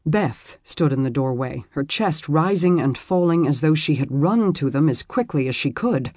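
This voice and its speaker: An audiobook narrator reading a historical romance in steady, measured storytelling. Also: mid-range voice, no echo, clean studio sound.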